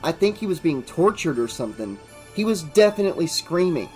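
A man's voice: a little high, big pitch swings, fairly quick, a little mellow, soft background music, voice pushed up. A man voicing an anxious young man who earnestly describes something frightening. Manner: earnest, worried, pleading.

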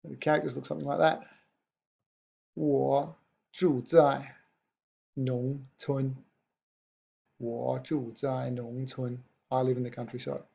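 A male teacher gives a recorded online lesson, repeating each new word slowly and patiently. His voice is gravelly and husky. The recording sounds dull and lo-fi. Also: mid-range voice, darkish tone. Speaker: language teacher.

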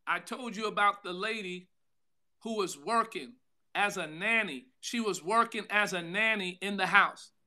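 A man pastor giving a devotional sermon, calling out to listeners by name, with a drawn-out delivery and sudden loud bursts. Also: high voice. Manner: preaching with call-outs to listeners by name.

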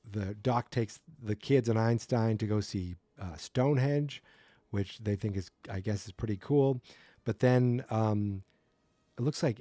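A man hosts a podcast on his own, walking through a cartoon episode in a loose, rambling way. He often corrects himself and drops wry asides. His voice is mellow and sits close and dry. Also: on the low side, no room sound. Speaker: podcast host. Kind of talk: casual solo episode recap.

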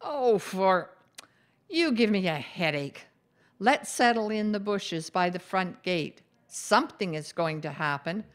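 A woman voicing a bossy, cheerful female ghost who likes to meddle, in a brisk, upbeat way. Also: fairly low pitch, expressive.

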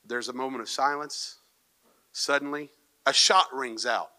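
A man preaching a church sermon as pastor, telling a joke with lively storytelling and then reading scripture aloud. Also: mid-range voice, a little slow. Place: church sanctuary with congregation.

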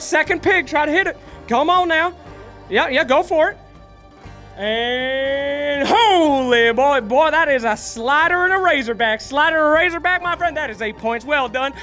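A man hosting a comedic segment at an esports event, talking in an exaggerated, excitable way and often shouting. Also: extremely high pitch, normal speed, faint music behind. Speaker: event host. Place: esports event venue, indoors.

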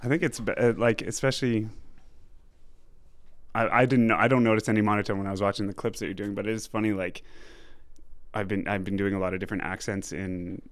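Low-voiced chatty male actor. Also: steady tone, quick pace. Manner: chatty, many filler words. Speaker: guest actor. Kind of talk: casual interview chat.

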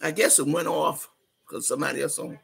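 A woman hosting a casual livestream, reading out viewers' comments with loud, rowdy laughter and party banter. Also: sits low, steady tone, brisk, creaky, a little hiss or hum. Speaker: livestream host.

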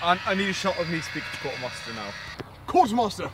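A man's voice: high-pitched, big pitch swings, fast talker. A man playing a bumbling secret agent in an amateur spoof film, talking in a casual, crude way. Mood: panicky. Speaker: amateur actor. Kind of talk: amateur comedy film acting. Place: outdoors in a town park. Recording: outdoor street noise behind.

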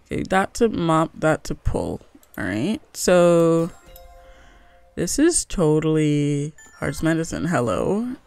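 A young woman talks casually through a gaming video, reading the game's text aloud between chatty asides. Her pitch swings widely and her voice carries a gravelly fry. She fills her sentences with "like" in an easygoing, rambling way. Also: very animated, slow pace, darkish tone, no echo, soft background music. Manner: chatty, full of "like" fillers, reads game text aloud. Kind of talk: casual let's-play commentary.

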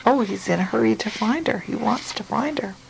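A woman reading a picture book aloud to a child, gently and slowly, stopping to ask questions. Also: a little high, gravelly, background noise.

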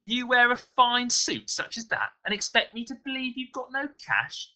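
A man's voice: extremely high pitch, sing-song, moderate pace, bright, forceful tone, pitched above the performer's own voice, full character voice. A man voicing a sneering, threatening street mugger in a read-aloud storybook. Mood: menacing. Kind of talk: storybook reading.

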